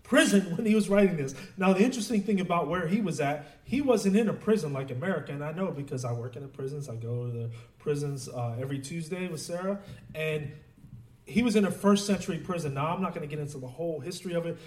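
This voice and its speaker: Guy giving a chatty sermon, kinda high voice, roomy sound from back of the room. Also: expressive, quick pace, a little mellow. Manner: conversational, many fillers and restarts. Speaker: pastor. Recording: roomy echo, voice from a distance.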